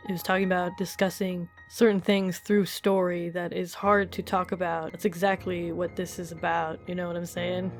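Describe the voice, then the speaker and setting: A woman's voice: on the low side, flat delivery, normal speed, few pauses, soft background music. A woman giving a casual, emotional spoken review of a manga chapter, laughing often and gushing, with many fillers. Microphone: desk mic while reading.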